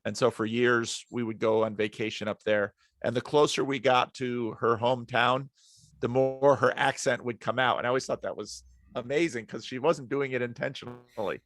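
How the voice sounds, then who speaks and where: A man's voice: medium pitch, fairly even intonation, moderate pace, fairly bright tone. A middle-aged man from northern New Jersey, a pastor chatting casually as a podcast guest and telling easygoing anecdotes. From northern New Jersey, outside New York City.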